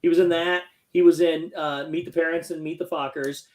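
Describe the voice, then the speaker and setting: A man's voice: a little high, level tone, a little fast. A man chatting casually about movies, rambling with frequent restarts. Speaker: host.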